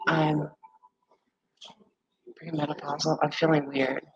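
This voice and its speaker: A woman's voice: deep voice, moderate pace, long pauses, fairly bright tone, highs cut off, slight background noise. A woman in her forties hosting a live stream, talking candidly and ramblingly with viewers and swearing freely. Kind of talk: casual chat with viewers.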